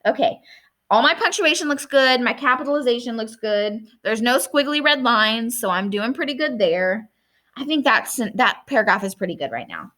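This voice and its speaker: Bright high-voiced woman teacher. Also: animated, normal speed. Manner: friendly, thinking aloud while reading her own essay. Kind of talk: classroom lesson for children at home.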